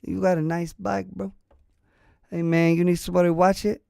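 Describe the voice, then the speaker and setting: A man doing a slick street hustler, higher and quicker than his own creaky voice, with friendly but pushy patter. The voice sits close to the mic in a dry, dead-sounding space. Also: level tone, a little mellow, dry recording.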